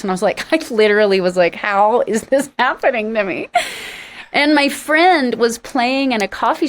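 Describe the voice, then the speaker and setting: A middle-aged woman in a podcast interview spins her stories with animated energy. She is frank and emphatic, and she keeps jumping up high to play out the people in them. Her voice sits at an ordinary middle pitch for a woman. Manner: animated, acts out quoted exchanges with sharp jumps in pitch. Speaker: singer, interview guest.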